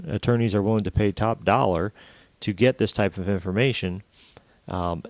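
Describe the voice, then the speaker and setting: A man lecturing a university course, explaining step by step in a plain, steady way with frequent fillers. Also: lowish voice, no room sound.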